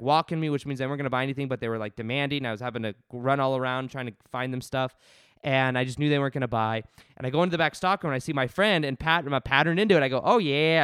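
Animated young man, smooth clear voice. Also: on the high side, no room sound, studio quality. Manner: animated storytelling, many restarts and asides. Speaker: YouTube self-help creator. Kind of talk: casual to-camera talk.

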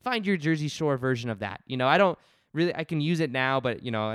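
A young man talking casually to camera as a self-help YouTuber, telling stories in an animated way with many restarts and asides. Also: medium pitch, quick pace, no room sound, clean studio sound.

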